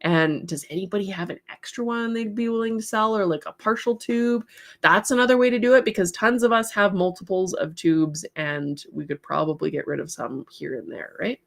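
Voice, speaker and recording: A woman's voice: medium pitch, fairly quick, gravelly. A woman hosting a craft livestream, chatting casually, reading viewer comments aloud and giving encouraging advice with frequent laughs. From part English heritage. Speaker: livestream host, artist.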